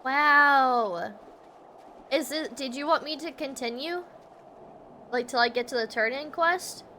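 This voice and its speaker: A woman's voice: high voice, slow, sharp tone, slight background noise. A woman streaming a video game, chatting in a bubbly way with her viewers. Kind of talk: casual gameplay commentary. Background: game music.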